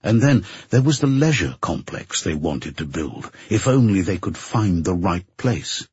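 A man reading a novel aloud as a narrator, in a slow, measured way. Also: sits low, sing-song, darkish tone, dry recording. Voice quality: husky. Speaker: audiobook narrator. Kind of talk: scripted narration. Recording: dull lo-fi recording.

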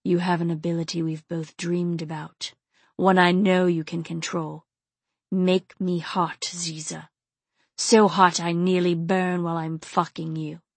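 A woman voicing a dominant male lover who is an inhuman king, speaking in a low, slow, husky murmur. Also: level tone, dry recording, full character voice. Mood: husky, urgent.

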